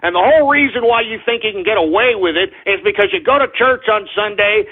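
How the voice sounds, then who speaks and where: Male radio host, furious ranting delivery, husky tone, tinny phone-like audio. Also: high voice, fast. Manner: angry, insulting, ranting. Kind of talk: political talk radio rant.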